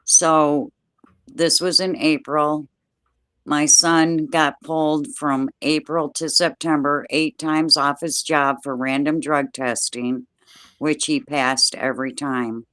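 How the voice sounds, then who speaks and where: An older woman, a guest, telling a personal story in plain, steady words with everyday dialect grammar, speaking from home over a video call. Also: low voice, no echo.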